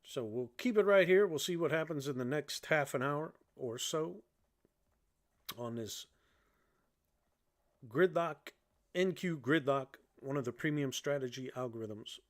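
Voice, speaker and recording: A man's voice: on the high side, a little slow, long pauses. A man from Illinois hosting a trading livestream, giving loose, joking live commentary. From Illinois, United States.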